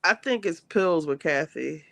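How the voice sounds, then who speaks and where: A woman's voice: low-pitched, expressive, unhurried, gravelly, crowd noise. A woman panelist in a casual gossip chat, blunt and swearing as she retells reality-show drama. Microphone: remote call.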